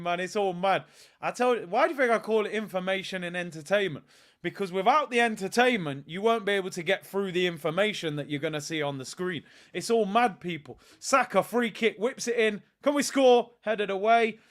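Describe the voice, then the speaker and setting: High-voiced excitable football watch-along host. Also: male voice. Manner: excitable, erupts into shouts at chances; slangy, chats to stream viewers. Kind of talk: live match reaction commentary.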